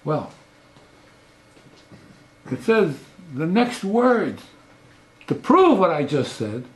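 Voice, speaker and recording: A man's voice: fairly high pitch, big pitch swings, very slow. An older man, a professor giving a lecture, emphatic and full of rhetorical questions. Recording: roomy echo.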